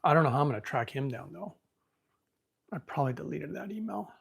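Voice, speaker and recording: A man hosting a podcast, telling a story in a casual, rambling way, thinking out loud and becoming emotional. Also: on the high side, lively intonation, a little fast, vocal fry, husky. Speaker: podcast host.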